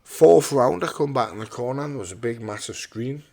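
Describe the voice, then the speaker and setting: A man's voice: mid-range voice, lively intonation, fairly quick, creaky, dark tone, slight background noise. A young man, a professional boxer, telling his story in an interview, blunt and swearing, repeating words and acting out what others said.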